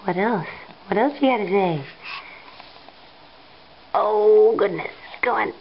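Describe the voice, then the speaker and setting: A mother talking baby talk to her infant, cooing in a sing-song way and sometimes dropping to a soft whisper, recorded on a home camcorder. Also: medium pitch, slow, slight background noise. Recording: dull lo-fi home video sound.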